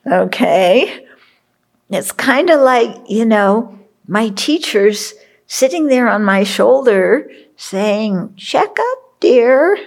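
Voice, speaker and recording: Slow, breathy woman teaching. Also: mid-range voice, animated, darkish tone. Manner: reflective, checks in with "okay?", acts out inner voices. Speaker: Buddhist teacher. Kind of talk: dharma talk.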